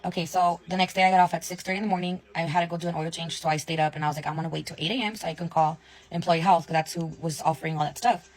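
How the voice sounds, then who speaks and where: Fast-talking blunt young woman. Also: fairly low pitch, steady tone, rough recording. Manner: blunt, swears often, acts out both sides of conversations. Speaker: vlogger telling a story. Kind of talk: casual storytime rant.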